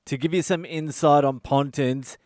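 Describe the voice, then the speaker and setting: A man's voice: on the high side, fairly even intonation, moderate pace, a little mellow, dry recording, studio quality. An Australian man hosting a comedy podcast, telling stories in a blunt, sweary, exasperated rant from a budget hotel room.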